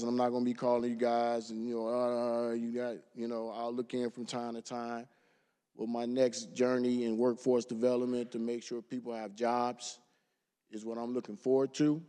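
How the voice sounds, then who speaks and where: A retiring state representative giving a casual, heartfelt farewell speech and thanking colleagues by name in a legislative chamber. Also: male voice, medium pitch, mellow, smooth. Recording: long reverb of a large legislative chamber.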